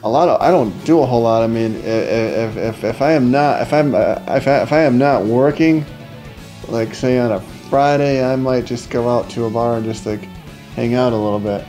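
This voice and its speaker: Rambling, halting male stand-up comic. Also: mid-range voice, mellow, soft background music. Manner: rambling, halting, stammering restarts. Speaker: stand-up comedian. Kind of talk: stand-up comedy set.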